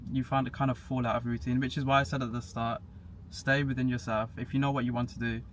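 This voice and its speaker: Flat-voiced young man, casual chat. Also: medium pitch, fast. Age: young adult. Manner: flat, matter-of-fact, laughs at himself. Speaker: guest. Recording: faint background hiss.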